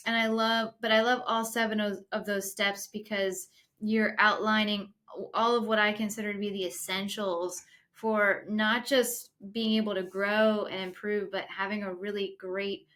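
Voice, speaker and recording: A woman hosting a podcast, closing an interview in an appreciative way, quick to laugh. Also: mid-range voice, flat delivery, a bit bright. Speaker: podcast host. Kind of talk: wrapping up an interview.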